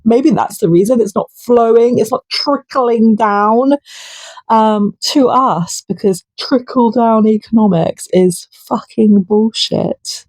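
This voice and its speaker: Angry, slow-talking ranter. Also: mid-range voice, darkish tone, dry recording. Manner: angry, sweary, mocking asides. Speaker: channel host. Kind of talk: impassioned monologue.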